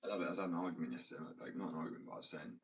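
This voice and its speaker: A man's voice: deep voice, rapid-fire, slight background noise, low-quality recording. A young man from Wales chatting casually on a livestream, rambling and swearing freely as he talks about his artwork. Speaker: streamer and artist.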